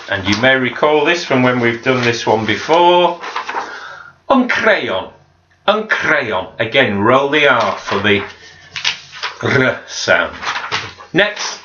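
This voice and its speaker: A man's voice: mid-range voice, background noise. A man teaching a home-learning video lesson to children, patiently modelling and repeating each word. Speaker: primary school teacher. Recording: slightly dull, roomy home recording.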